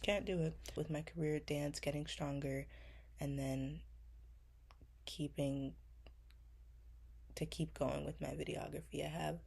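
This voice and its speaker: A young woman in her twenties talks in a low, husky voice. She answers interview questions about her year in an earnest, emotional way, close to tears, pausing often with casual fillers. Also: fairly even intonation, a little mellow. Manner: earnest, emotional, drawn-out pauses, many fillers. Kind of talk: casual reflective talk.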